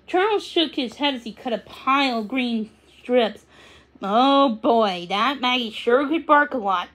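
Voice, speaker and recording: A woman reading a children's book aloud, unhurried, with small slips and restarts. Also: a little high, expressive, fairly bright tone. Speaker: story reader.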